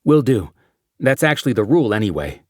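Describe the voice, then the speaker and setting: A man's voice: lowish voice, big pitch swings, brisk, a little mellow, no room sound, clean studio sound. A man voicing an obliging young woman ticket clerk in an audiobook, with a cheerful manner.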